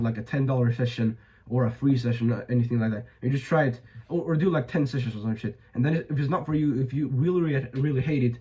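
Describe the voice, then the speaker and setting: Young man, vlogger, blunt, profane, filler-heavy, slightly strained voice, warm dark timbre. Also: mid-range voice, poor audio. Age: young adult. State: voice a bit strained. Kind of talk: casual advice monologue.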